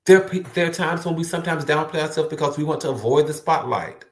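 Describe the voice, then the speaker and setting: A man's voice: on the high side, quick pace. A man giving an earnest, emphatic motivational talk to the viewer, repeating words for stress. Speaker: motivational speaker. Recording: roomy echo.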